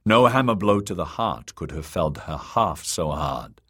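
A man reads a fantasy novel aloud in measured storytelling. His voice is low and husky. His pitch rises and falls expressively. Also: lively intonation, fairly bright tone. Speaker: narrator. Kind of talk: audiobook narration.

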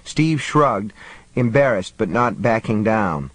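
A man narrating an audiobook in a measured, even reading. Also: lowish voice, no room sound, poor audio. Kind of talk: scripted narration.

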